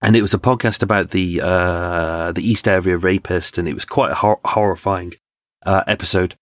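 A man, a podcast guest, telling lively stories in conversation with restarts and laughs. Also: low voice, normal speed, dry recording, clean studio sound. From England. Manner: animated anecdotes, frequent laughs and restarts. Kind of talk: storytelling in conversation.

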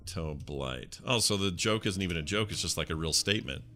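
A man with a bright, forceful, fairly low voice co-hosts a loose comedy podcast. He reads news stories aloud, stops to riff on them and laughs easily. Faint music sits under his voice. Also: expressive, brisk. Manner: jokey, breaks into loud put-on voices and laughs. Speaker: podcast co-host. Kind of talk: casual comedic chat, reading news aloud.

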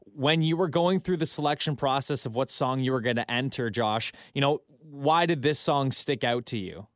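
A man's voice: medium pitch, normal speed, no echo, studio quality. A man hosting a radio morning show, introducing and interviewing a guest in an upbeat, polished announcer style. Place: radio studio.

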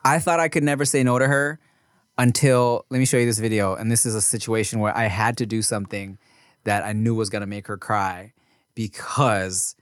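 A man's voice: lowish voice, level tone, normal speed, dry recording, studio quality. A man, a podcast co-host, chatting casually, laughing often and giving short replies. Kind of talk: casual chat.

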